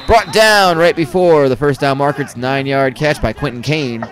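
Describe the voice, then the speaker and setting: A man's voice: on the high side, a little hiss or hum. A man giving joking, rambling live commentary on a video game football match, calling plays and swearing casually. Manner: rambling, swears, quick play calls.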